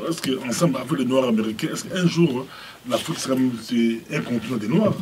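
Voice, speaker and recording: A man's voice: medium pitch, fast talker, a little mellow, slight background noise. A man working as a journalist, putting probing questions to his guest and repeating points for emphasis. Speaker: journalist interviewer. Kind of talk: asking interview questions. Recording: voice picked up from a distance.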